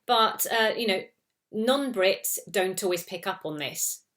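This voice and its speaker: A woman's voice: medium pitch, animated, a little slow, a bit bright. A British woman working as an intercultural trainer, giving advice to camera in a conversational way, with many "you know" fillers. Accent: British English. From Britain. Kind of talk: talking-head advice video.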